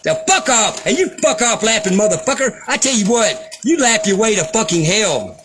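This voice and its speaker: A man's voice: high voice, lively intonation, moderate pace, background noise. A man delivering an angry, profane, sarcastic rant as a vlogger. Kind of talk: angry ranting commentary.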